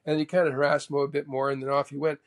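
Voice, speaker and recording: A man from Canada tells golf stories as an interview guest, with a gravelly, raspy texture and a slightly high pitch. He talks in an animated way and acts out the other people in his tales. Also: very fast. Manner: animated anecdote teller, acts out the voices of others. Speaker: guest, former tour golfer. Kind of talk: casual storytelling interview.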